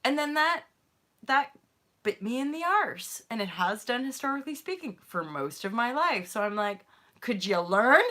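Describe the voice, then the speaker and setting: A woman's voice: on the high side, big pitch swings, moderate pace, pushed and bright. A woman chatting casually on a spiritual livestream, rambling, swearing freely and mocking herself. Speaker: spiritual vlogger.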